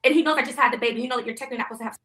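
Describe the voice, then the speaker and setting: Bright indignant woman venting. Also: fairly high pitch, racing. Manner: defensive, indignant, quotes messages aloud. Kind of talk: venting on a live stream.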